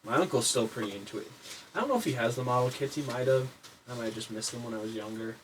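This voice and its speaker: A young man rambling in a casual show-and-tell vlog, swearing a lot and getting excited as he talks. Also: mid-range voice, fast talker, slight background noise. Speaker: hobby vlogger.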